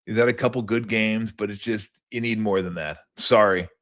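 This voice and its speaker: A man hosting a sports talk show in casual chat, rambling and profane, wandering into tangents with loud bursts. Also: on the low side, fairly even intonation, moderate pace.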